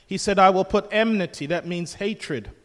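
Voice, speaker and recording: A man's voice: high-pitched, normal speed, long reverb tail. An older man preaching a sermon as pastor, jovial and conversational, asking the congregation questions.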